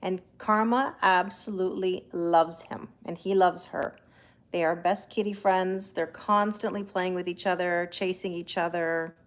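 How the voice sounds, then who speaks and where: A woman hosting a live tarot stream from home, chatting casually with viewers, reading out their comments and answering them, and cooing to her cats in a high baby-talk voice. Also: fairly even intonation, measured pace. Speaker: tarot reader hosting a livestream.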